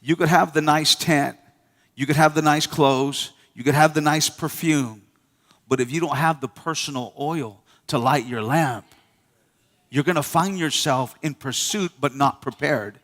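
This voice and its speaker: High-voiced preacher man in an echoing hall. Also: unhurried. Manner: lively preaching with call-and-response asides. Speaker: pastor. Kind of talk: sermon. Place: church hall.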